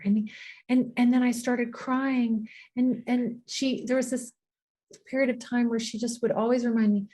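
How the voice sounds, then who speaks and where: A woman's voice: a little high, flat delivery, unhurried, mellow. A woman in her thirties, a podcast guest, telling a personal story tenderly. She often stops and restarts her sentences and repeats words. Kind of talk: emotional podcast conversation.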